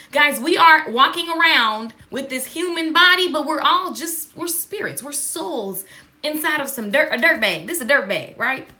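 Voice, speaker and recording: A woman giving a casual devotional talk, sassy and animated, calling out to listeners. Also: high-pitched. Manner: sassy, animated, call-and-response.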